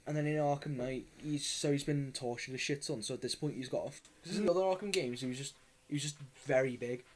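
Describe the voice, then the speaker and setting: A man's voice: mid-range voice, fast talker, poor audio. A man hosting a casual podcast chat, rambling and swearing with many restarts. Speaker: podcast host.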